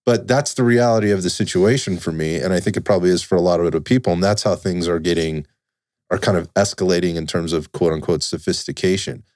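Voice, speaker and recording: A man telling a personal story in casual conversation, animated and swearing casually. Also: low voice, fast, no room sound, studio quality. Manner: animated, acts out quoted dialogue, swears casually.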